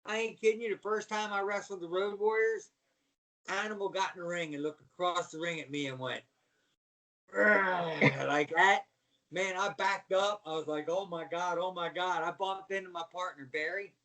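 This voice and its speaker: A middle-aged man from Baltimore, a former wrestler, telling slangy, animated stories as a podcast guest. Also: sits high, a little fast, far from the mic, rough recording. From Baltimore, USA. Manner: animated storyteller, slangy, says "man" a lot. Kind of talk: casual storytelling interview.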